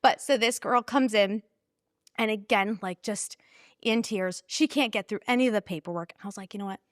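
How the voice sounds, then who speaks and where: A woman guest telling an earnest personal story in a casual interview, laughing often and animated in her retelling. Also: medium pitch, brisk, no room sound, clean studio sound. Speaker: pregnancy center staff guest.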